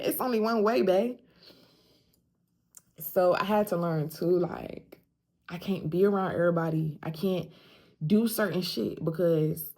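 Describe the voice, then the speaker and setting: A woman's voice: medium pitch, darkish tone, slightly rough. A young woman talking casually straight to camera, emphatic and slangy, often repeating lines for emphasis. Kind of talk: casual self-talk vlog.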